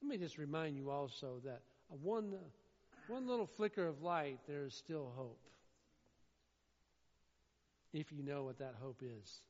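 A man preaching a sermon, swinging between loud, emphatic declaiming and quieter asides. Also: on the high side, lively intonation, a little slow, pauses often. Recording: dull sound in a reverberant hall.

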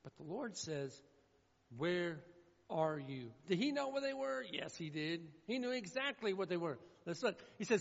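A man preaching a sermon with emphatic delivery, his voice swinging from loud declarations to hushed low lines. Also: sing-song, normal speed, vocal fry. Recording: echoey hall with dull sound.

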